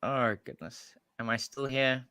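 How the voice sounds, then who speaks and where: A man's voice: mid-range voice, a little slow, pushed and bright, no echo, studio quality. A South African man co-hosting a casual podcast chat, rambling through points with restarts and laughter. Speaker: podcast co-host.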